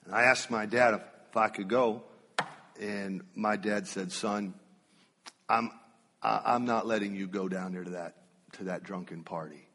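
A preacher delivers his sermon unhurriedly, like a storyteller, using pauses and repeated phrases for emphasis. His slightly low voice is husky, a bit bright, and steady in tone. A long reverb makes it sound as though he's in a large hall.

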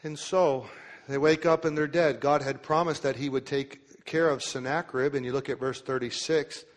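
A man preaching a sermon in a church. He reads scripture aloud slowly and then explains it in plain, casual terms. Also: mid-range voice, steady tone. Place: church sanctuary. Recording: long hall reverb.

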